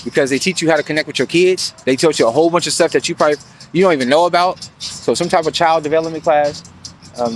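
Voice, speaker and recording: A man with a somewhat high-set voice rambles through a casual monologue, slangy and full of swearing. He keeps checking in with the listener, and faint street and car noise hums behind him. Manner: profane, slangy, keeps asking "you feel me". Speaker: vlogger giving financial advice.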